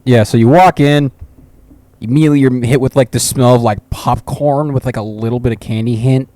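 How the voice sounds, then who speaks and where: A man's voice: medium pitch, fairly even intonation, brisk, no room sound. A man co-hosting a casual podcast, with a laid-back, easygoing way of talking. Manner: laid-back, drifts quieter when reminiscing. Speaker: podcast co-host. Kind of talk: casual chat. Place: cigar shop.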